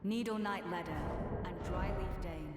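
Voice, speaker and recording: An actress voicing a stern female knight boss in a video game, speaking in a grave, formal, threatening manner, heard as game audio under loud noise. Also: lowish voice, unhurried, natural voice. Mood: defiant.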